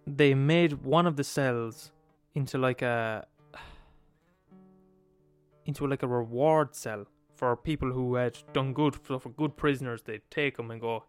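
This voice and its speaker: Man, young, casual storyteller, swears a lot, mid pitch, soft guitar behind. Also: steady tone, unhurried, clear, resonant tone. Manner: profane, swears freely, acts out quotes.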